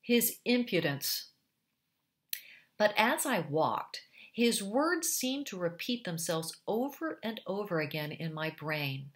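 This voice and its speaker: A woman reading a short story aloud in a measured, scripted narration. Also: on the low side, very animated. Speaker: audiobook reader.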